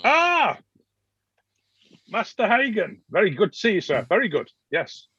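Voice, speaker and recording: A man voicing a fawning, stammering male envoy of a noble lady, fussy and flattering. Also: high voice, a little slow, breathy edge, no room sound, voice pushed up, heavily acted. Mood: delighted. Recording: dull dry recording.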